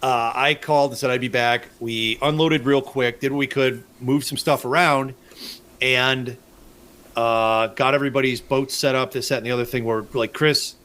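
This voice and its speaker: Dude on a fishing podcast rambling thru a story, swears a lot, plain middle voice. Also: male voice, mid-range voice, fairly even intonation, moderate pace, a bit bright. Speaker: podcast host. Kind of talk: casual fishing podcast chat.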